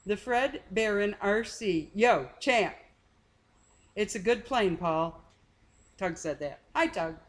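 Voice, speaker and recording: A woman's voice: mid-range voice, lively intonation, takes it slowly, pauses often. A woman co-hosting a casual live stream, greeting viewers by name and teasing her husband. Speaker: co-host reading chat.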